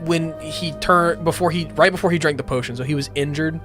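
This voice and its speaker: A man's voice: on the high side, brisk, over music. Hesitant man playing a tabletop game. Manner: hesitant, many fillers and restarts. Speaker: player. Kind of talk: casual game chat.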